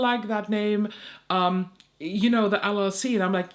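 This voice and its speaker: A woman's voice: medium pitch, fairly even intonation, normal speed. A young woman tells a story to her camera, exasperated and swearing often. She acts out both sides of her phone calls in her own mid-range voice, in a casual vlog manner. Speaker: beauty content creator.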